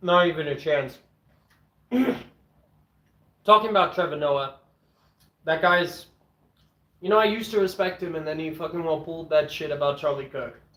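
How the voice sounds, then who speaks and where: A man streaming from home with his dogs, chatting casually as he eats, blunt and opinionated, clearing his throat often. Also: fairly high pitch, normal speed, pauses often, a bit bright. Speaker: streamer eating on camera and answering chat. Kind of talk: casual rambling chat and rant. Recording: echoey room.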